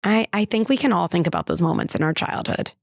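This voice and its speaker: A parenting psychologist hosting a podcast tells a personal story in a fast, lively, creaky voice, candid and conversational with lots of "like" fillers. She acts out quoted lines by raising her pitch, and the sound is clean studio audio with no room tone.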